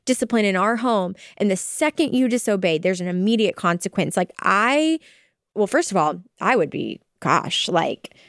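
A young adult woman co-hosting a casual parenting podcast, lively and acting out what she tells her kids. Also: medium pitch, moderate pace, no echo, clean studio sound. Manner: animated, acts out quoted talk with her kids. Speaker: podcast co-host. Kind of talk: casual chat.

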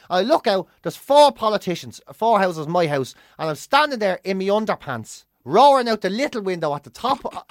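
An Irish man co-hosting a podcast, telling stories in casual chat, swearing freely and acting out his own shouting. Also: high-pitched, animated, a little fast, no echo, studio quality. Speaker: podcast co-host.

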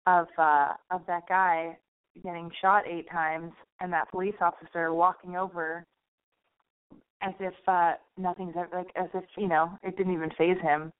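Woman, Valley girl accent, podcast host, casual rambling talk, swears a lot, thin phone-like sound. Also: fairly low pitch. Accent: Californian. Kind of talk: casual monologue.

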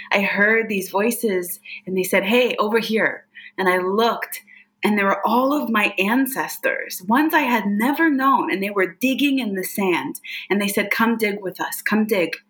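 A woman guest on a podcast, recounting a personal experience in an expressive, animated way, often adding "like" and "right?". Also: mid-range voice, normal speed. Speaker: podcast guest, psychic medium. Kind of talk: personal storytelling in conversation.

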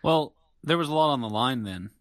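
A man's voice: medium pitch, animated, brisk, no echo. A man co-hosting a casual sports podcast with a dry, sarcastic, downbeat manner. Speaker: podcast co-host.

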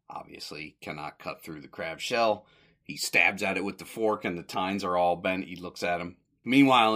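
A man's voice: fairly low pitch, pushed and bright. A man hosting a podcast, casually recapping in a rambling, self-correcting way and chuckling along. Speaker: podcast host.

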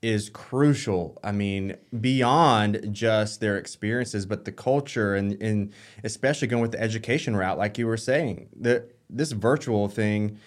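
A man's voice: on the low side, a little slow. A man co-hosting a casual podcast chat, talking in a teasing, agreeable way with frequent interjections. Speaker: podcast co-host.

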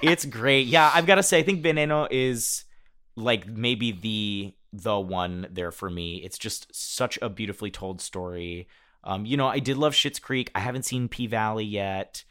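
A man's voice: on the low side, unhurried, fairly bright tone, smooth. A man hosting a casual chat, reading out lists of nominees and laughing often. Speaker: host.

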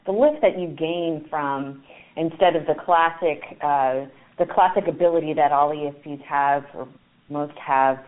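A woman's voice: low voice, normal speed. A woman guest on a radio interview explaining marketing tools, talking with frequent fillers and restarts. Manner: hesitant, many fillers and restarts, enthusiastic. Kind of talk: interview answers. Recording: phone-like narrow sound.

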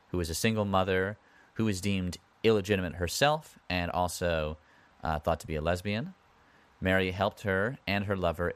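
A man's voice: low-pitched, clean tone, no echo. A man hosting a podcast, retelling history in a casual way with wry asides and conversational comments. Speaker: podcast host.

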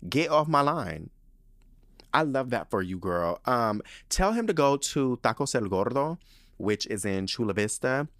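A man hosting his own podcast in casual chat, talking in a sassy, animated way with lots of slang. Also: mid-range voice, moderate pace, dry recording, studio quality. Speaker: podcast host.

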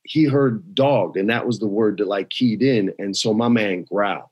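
A man in his forties, a guest on a podcast, telling stories in an animated way and laughing often. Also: normal speed, slightly rough, dull audio. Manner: animated storyteller, drops low for quoted voices, laughs often. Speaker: podcast guest, actor and former wrestling writer. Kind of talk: casual storytelling.

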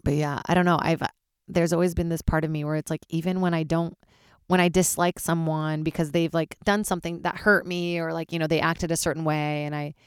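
A woman stand-up comedian hosting her own podcast, rambling and swearing in casual chat, jumping into sudden high excited voices. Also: a little fast, clear, resonant tone, dry recording, studio quality.

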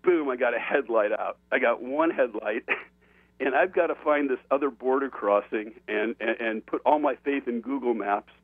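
A man spins an animated, conversational anecdote as an author and guest. His mid-pitched voice comes through a dry, tinny phone line. Nothing of a room is heard around him. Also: moderate pace, no room sound. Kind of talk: casual anecdote telling.

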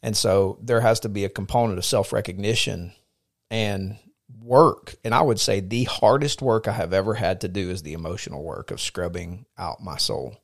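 A man's voice: on the low side, moderate pace, creaky. A man who is a pastor co-hosting a podcast, speaking earnestly and personally in a casual faith-based talk.

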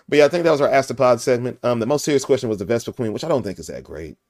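A man's voice: mid-range voice, animated, fast talker, darkish tone, dry recording, clean studio sound. A young adult man hosting a casual podcast chat in a goofy, joking way. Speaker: podcast host.

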